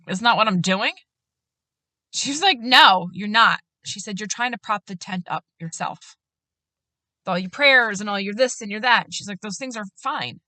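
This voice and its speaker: A woman host telling a personal faith story in an earnest way, getting animated when she quotes others and laughing at herself. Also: mid-range voice, no echo. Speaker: podcast host.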